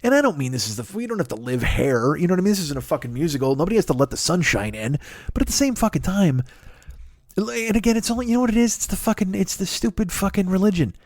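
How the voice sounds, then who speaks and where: A man's voice: sits high, quick pace, no echo. Profane rambling man, dry close sound. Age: 40s. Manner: profane, rambling, animated asides. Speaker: podcast host. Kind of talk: rambling comedic monologue.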